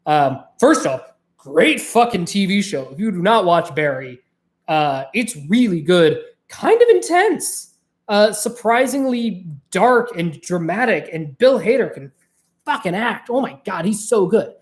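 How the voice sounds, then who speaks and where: Woman podcast host, casual solo talk, loose, swears a lot, mid-pitched voice. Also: sing-song, measured pace. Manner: chatty and profane, with frequent fillers.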